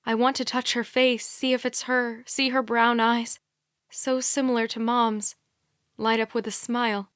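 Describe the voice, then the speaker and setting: A woman's voice: fairly high pitch, little pitch movement, measured pace, fairly bright tone, smooth, dry recording, clean studio sound. Woman narrating a thriller audiobook. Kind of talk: scripted narration.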